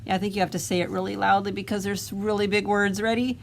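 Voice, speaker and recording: A woman, a children's librarian, reading a story aloud at storytime and gently coaxing the children with questions. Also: mid-range voice, flat delivery, quick pace, gravelly, few pauses.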